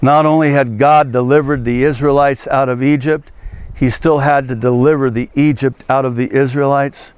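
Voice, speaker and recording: A man, preaching as a pastor, animated, acting out biblical voices and laughing at his own jokes. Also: medium pitch, clean tone, no room sound. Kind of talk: outdoor teaching sermon. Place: outdoors at an archaeological site.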